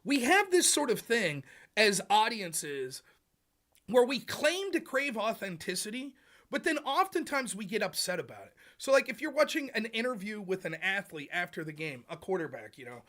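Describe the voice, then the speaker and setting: Lively, bright-voiced American male host. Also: sits high, normal speed. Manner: animated, loose and casual, acts out quotes. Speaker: livestream host. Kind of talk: political talk.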